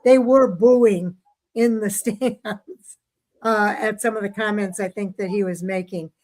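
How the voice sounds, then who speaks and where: A woman's voice: medium pitch, steady tone, a little slow, a little mellow. A woman co-hosting a casual racing talk show, chatting with filler words and reading out listener comments. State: hiccups. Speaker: co-host.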